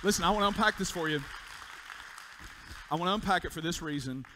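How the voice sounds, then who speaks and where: A man preaching a sermon in church, telling a story in an animated way and repeating words as he builds up. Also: high voice, fast, crowd noise, background noise. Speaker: pastor. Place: church sanctuary.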